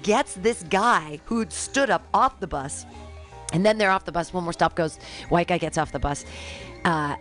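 Female co-host, low-ish register, animated anecdotal storyteller, casual radio chat. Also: normal speed, faint music behind. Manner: animated storyteller who acts out the people she quotes.

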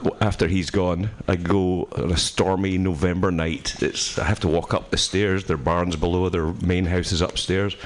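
A middle-aged Scottish man with a very deep voice. He chats casually, swearing freely and laughing through his own stories. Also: fairly even intonation, moderate pace, hardly any pauses. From Scotland. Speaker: radio show host. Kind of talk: casual storytelling chat.

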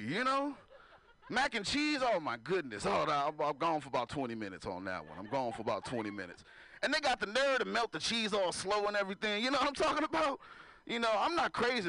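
A man's voice: high voice, sharp tone. A man doing a stand-up comedy set, talking loosely with the crowd and laughing at his own jokes. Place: live comedy venue with audience.

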